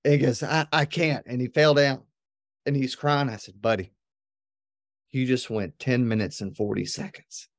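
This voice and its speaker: A man tells a story as a podcast guest, energetic and emphatic, often tagging his points with a quick "right?". His voice sits at an ordinary middle pitch. The sound is dry and close. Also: no echo. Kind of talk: animated storytelling in conversation.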